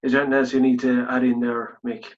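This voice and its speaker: A man's voice: medium pitch, monotone, fast. An Irish man with a Kildare accent, co-hosting a podcast in a chatty, rambling way with frequent restarts. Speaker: podcast co-host. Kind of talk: casual podcast chat and interviewing. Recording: dull lo-fi podcast audio.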